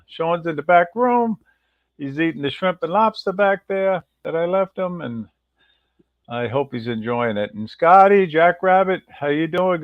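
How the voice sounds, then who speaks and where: A man's voice: mid-range voice, no echo, dull audio. A man hosting a casual livestream and greeting viewers by name. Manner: reads out viewer names and greets them one by one. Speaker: livestream host.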